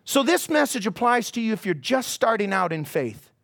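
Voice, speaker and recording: A man pastor preaching a sermon, telling a story in an animated way and laughing often. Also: high-pitched, normal speed, gravelly, dry recording, clean studio sound.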